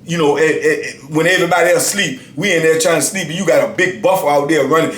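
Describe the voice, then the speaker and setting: A man in his fifties telling a story casually, animated and emphatic, often checking in with the listener. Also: on the high side, fast talker. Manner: animated, emphatic, repeats "you know what I'm saying". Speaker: storyteller host. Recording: roomy echo.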